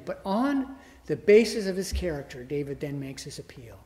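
A man preaching a sermon expressively, swinging from loud emphasis to hushed, almost whispered lines. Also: fairly high pitch, sing-song, normal speed, in a large hall. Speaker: pastor.

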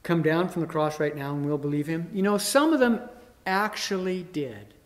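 A man's voice: a little high, lively intonation, normal speed. A man preaching a sermon with rising emphasis, voicing the mockers' words with dramatic force. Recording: long hall reverb.

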